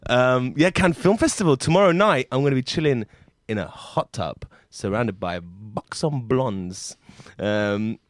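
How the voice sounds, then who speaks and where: A man hosts a casual comedy podcast, playful and jokey, now and then jumping into loud silly bits. His voice sits at a middle pitch. The sound is close and dry with no room echo. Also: a little slow. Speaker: podcast host. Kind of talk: casual improv comedy chat.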